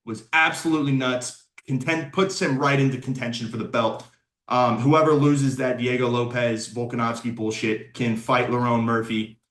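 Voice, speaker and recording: A young man hosting casual opinion commentary on fighters, excitable, blunt and full of slang. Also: medium pitch, moderate pace. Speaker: sports commentator and channel host. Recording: roomy echo.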